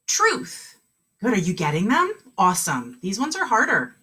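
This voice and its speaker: A woman teaching an online kindergarten class, sounding words out slowly and encouraging the children. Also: mid-range voice, wildly swooping pitch, a bit bright, husky.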